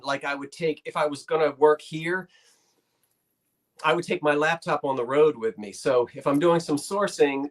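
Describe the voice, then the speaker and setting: A man co-hosting a live sale stream, chatting in a hesitant, rambling way with many restarts. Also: fairly high pitch. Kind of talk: casual chat.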